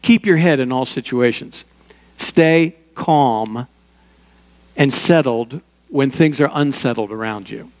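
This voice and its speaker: A man's voice: mid-range voice, slow, big-room sound. An older man preaching a sermon as pastor, in a conversational way with personal stories and small asides.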